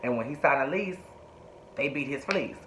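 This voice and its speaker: A man's voice: mid-range voice, animated, moderate pace, pushed and bright, a little hiss or hum. A man casually recapping a TV show in a sassy, profane, chatty way. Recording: echoey room, dull lo-fi sound.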